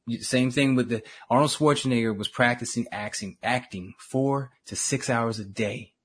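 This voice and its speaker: A man co-hosting a casual talk show, animated and slangy, often trailing off and restarting. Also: mid-range voice, moderate pace, slightly rough. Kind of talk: casual chat.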